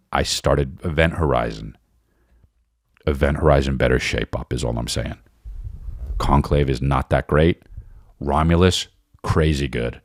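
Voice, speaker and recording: A man's voice: a bass voice, dry recording, clean studio sound. A man hosting a podcast, rambling and swearing casually. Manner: rambling, profane, offhand. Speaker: podcast host. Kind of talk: casual chat.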